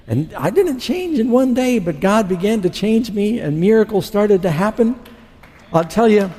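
A man's voice: high-pitched, animated, normal speed, dark tone. A middle-aged man preaching a sermon, telling his conversion story and acting out his past dialogue. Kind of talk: sermon testimony. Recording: long hall reverb.

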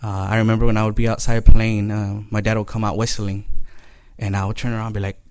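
A man giving a personal testimony about his past, speaking earnestly and haltingly, with frequent pauses and fillers. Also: on the low side, level tone, darkish tone, clear, resonant tone, no room sound. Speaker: storyteller sharing his life story.

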